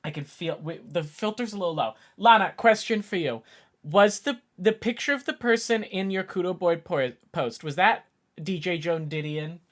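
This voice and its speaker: Here a twenty-something streamer keeps up casual, jokey chatter with viewers in a high-pitched voice at a moderate pace. He stays animated, typing while he addresses chat on the live stream.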